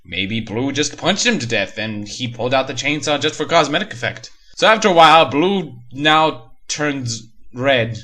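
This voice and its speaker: A man's voice: medium pitch, lively intonation, a little fast, hardly any pauses, bright, forceful tone. A man reading a horror story aloud for comedy, breaking in with sarcastic, mocking asides. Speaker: story reader and reviewer.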